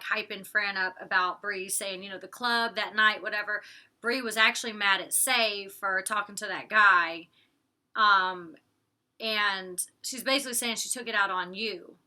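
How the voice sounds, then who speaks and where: A woman's voice: medium pitch, sharp tone. A young woman recapping a reality show in casual, slangy chat, acting out what the cast said. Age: young adult. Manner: chatty, slangy, acts out quotes with laughs. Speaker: vlogger reviewing a reality show.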